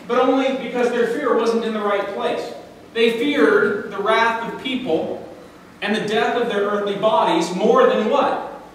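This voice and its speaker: A male pastor with a high-pitched voice gives a sermon, joking and chatting between scripture readings. He is recorded from far off in a church hall with a long, echoey reverb. Faint room ambience sits underneath. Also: slight background noise. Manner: conversational, joking preaching with scripture read aloud.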